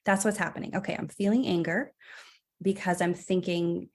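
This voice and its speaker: A woman's voice: fairly low pitch, fairly even intonation, normal speed. A woman physician speaking as a podcast guest, chatty and reflective, with frequent light laughs. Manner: reflective, chatty, laughs often, says like a lot. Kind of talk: casual podcast conversation.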